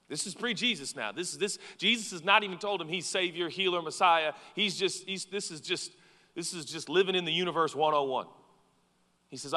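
Animated male preacher in a reverberant hall. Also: a little high, brisk. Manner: animated, acts out quoted voices, swings from soft to loud. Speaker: pastor. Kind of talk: sermon. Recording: long reverb from a large hall.

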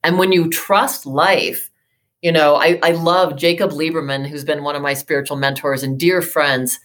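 A woman in her fifties with a low, full voice tells her own story as a guest in an interview. She talks earnestly and with feeling, often restarting her sentences and filling them with "you know". She comes across as a therapist and life coach opening up about her life. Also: steady tone, moderate pace, fairly bright tone. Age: 50s. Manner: earnest, emotional, many fillers and restarts.

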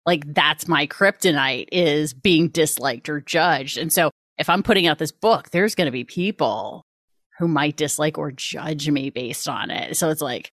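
A woman's voice: sits low, unhurried, fairly bright tone, no echo, clean studio sound. A woman co-hosting a casual chat, talking earnestly about herself with upbeat asides. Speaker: podcast co-host.

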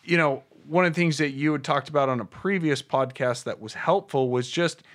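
A man's voice: fairly high pitch, a little fast, a bit bright. A man hosting a podcast, reflecting on what his guest said and summing it up casually. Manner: reflective, summarizing, light laughter. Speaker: podcast host.

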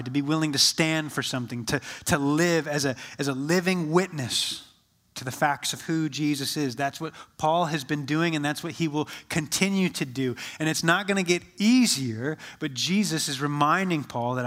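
Man preaching, soft hushed quotes. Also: fairly high pitch. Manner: shifts from lively to soft and slow when quoting Jesus. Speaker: pastor. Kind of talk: sermon.

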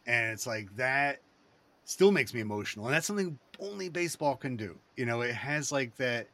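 A man talking in a rambling, excitable way, with lots of fillers and restarts, in a casual chat. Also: medium pitch, moderate pace.

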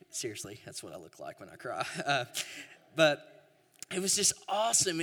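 A man, preaching a sermon in a relaxed storytelling way, with frequent restarts. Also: mid-range voice. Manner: storytelling, conversational, with repeated restarts. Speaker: pastor. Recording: hall reverb.

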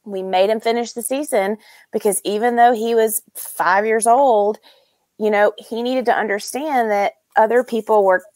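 A middle-aged woman talking in a podcast chat, earnest and deliberate as she explains her views. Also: fairly high pitch, steady tone, a little mellow, dry recording, studio quality. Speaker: mother and podcast guest. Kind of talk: casual chat.

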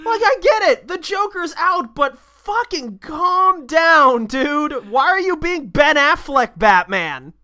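A woman's voice: high-pitched, very animated, slow, bright, forceful tone. A woman co-hosting a casual podcast, reacting with sarcastic, swearing jokes. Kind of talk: casual chat.

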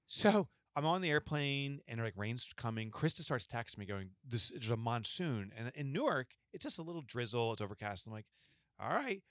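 A man's voice: mid-range voice, brisk, hardly any pauses, no echo, studio quality. A man co-hosting a podcast, telling a long story in casual chat and acting out the lines of the people in it. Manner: animated storyteller, acts out quoted lines. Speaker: podcast co-host.

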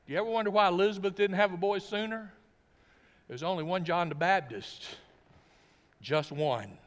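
Pastor, mężczyzna, głos dość wysoki, długi pogłos kościelnej sali, emfatyczne kazanie. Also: male voice, high voice, moderate pace, pauses often. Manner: emphatic, full of rhetorical questions. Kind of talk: sermon. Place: church sanctuary. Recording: long reverb of a church hall.

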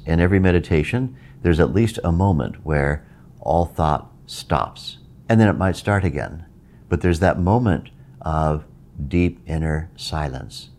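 A man giving a calm, measured spiritual talk as a meditation teacher. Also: a bass voice. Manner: calm, measured, reflective delivery.

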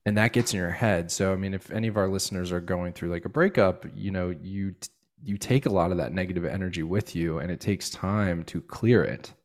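A man's voice: low-pitched, brisk. A man in his thirties co-hosting a podcast, talking in a laid-back, rambling way with lots of fillers. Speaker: podcast co-host. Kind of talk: casual podcast chat.

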